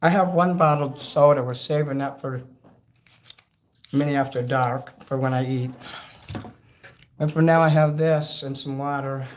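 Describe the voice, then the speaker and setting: A man's voice: medium pitch, steady tone, measured pace, long pauses. A man hosting a karaoke livestream, chatting casually between songs, rambling and thanking viewers by name. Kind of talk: casual live-stream chat between songs.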